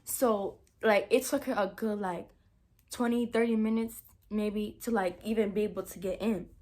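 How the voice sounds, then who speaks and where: A woman's voice: medium pitch, normal speed. A young adult woman telling a dramatic story in a casual vlog, talking straight to her viewers with lots of "like" and "y'all". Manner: animated, dramatic storytelling, heavy use of "like", addresses viewers as y'all. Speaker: vlogger.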